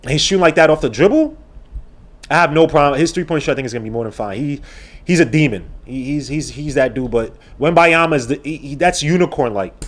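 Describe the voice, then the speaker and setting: A man hosting a live sports podcast, talking in an animated, rambling way with exclamations and repeated words. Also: mid-range voice. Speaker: podcast host. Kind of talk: live-stream sports talk.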